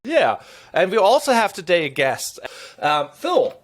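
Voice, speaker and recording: A man hosting a podcast, introducing the show and asking halting questions. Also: high-pitched, big pitch swings. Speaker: podcast host.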